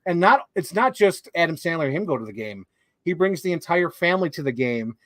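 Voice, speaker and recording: A young man co-hosting a casual movie chat, rambling and swearing, quick to laugh. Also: a little high, big pitch swings, a bit bright, no room sound. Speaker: podcast co-host.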